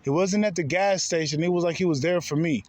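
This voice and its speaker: Fed-up man ranting, slightly high voice. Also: brisk, a little mellow. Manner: heated, profane, repetitive, says bro often. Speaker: spiritual vlogger. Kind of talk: casual rant to camera.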